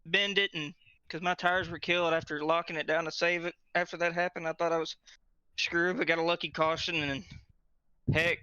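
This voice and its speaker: A young man, out of breath and excited, being interviewed right after winning a sim race championship. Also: on the high side, brisk, clean tone, no room sound. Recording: dry, dull lo-fi mic.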